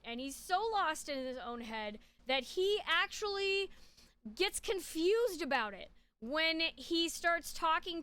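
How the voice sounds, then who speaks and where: A woman talks through a character analysis in a chatty, rambling way, full of fillers and restarts. Her voice sits high and sounds bright and forceful. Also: clear, resonant tone. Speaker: speaker giving a character analysis. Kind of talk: casual spoken analysis.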